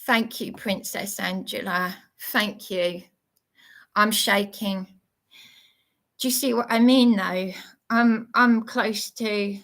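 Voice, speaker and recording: A woman's voice: mid-range voice, slow, fairly bright tone. A woman live streaming, shaken and indignant, stumbling over her words as she talks. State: shaky, worked up. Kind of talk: agitated live-stream monologue.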